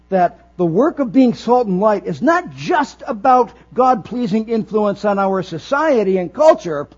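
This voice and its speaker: A man's voice: high voice, darkish tone. A man preaching a sermon, earnest and emphatic, building his phrases as he goes. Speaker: pastor. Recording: dull lo-fi recording with faint mains hum.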